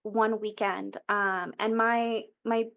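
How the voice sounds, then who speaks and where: A woman's voice: medium pitch, level tone, takes it slowly, vocal fry, dull audio. A woman in her thirties, a podcast guest, candidly telling a personal story in an earnest, emotional way, often restarting her sentences. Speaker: interview guest.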